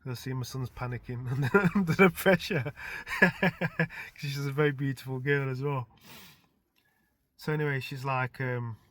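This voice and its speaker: A man's voice: medium pitch, moderate pace, a bit bright, no room sound. A middle-aged man casually telling a rambling story about a dream, chuckling often and filling his talk with "like" and "type thing". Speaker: vlogger recounting his dreams.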